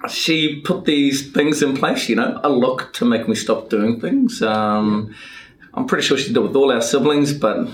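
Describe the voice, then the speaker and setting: A man with a New Zealand accent talks through his upbringing in a relaxed, reflective way, chuckling now and then. His voice sits in a middle pitch, and the room around him is echoey. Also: moderate pace, slight background noise. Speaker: podcast guest. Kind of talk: reflective life story, casual chat.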